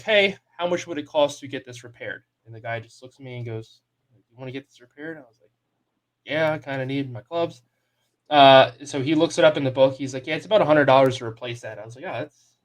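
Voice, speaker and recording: A young man on a sports podcast who talks at a middle pitch and tells a story with plenty of fillers. He jumps into the voices of the people in it as he goes. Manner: animated storyteller, quotes people in his story. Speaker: podcast co-host.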